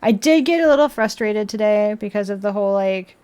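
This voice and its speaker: A woman's voice: mid-range voice, lively intonation, a little fast, darkish tone, clear, resonant tone. A woman chatting casually on a live stream at home while building a model kit, laughing often and acting out her own annoyed comebacks. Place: indoors at home.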